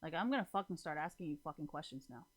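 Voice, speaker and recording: A woman's voice: deep voice, expressive, very fast, breathy edge. A young woman in her twenties venting frankly to her viewers, profane and exasperated, rambling and correcting herself. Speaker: vlogger. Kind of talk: casual venting monologue.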